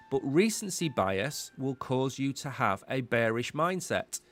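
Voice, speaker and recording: A man's voice: medium pitch, sing-song, a little slow, faint music behind. A man hosting a live market commentary stream, talking in a chatty, rambling way and repeating words while he thinks. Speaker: host.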